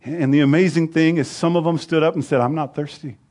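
A middle-aged male pastor preaching a sermon, rising loud on scripture and dropping low and soft. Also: fairly even intonation, fast.

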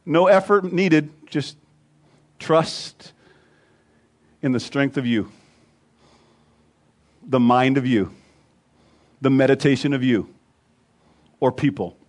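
Male pastor, high voice, emphatic repetitive sermon delivery. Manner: emphatic, repetitive preaching with rhythmic lists.

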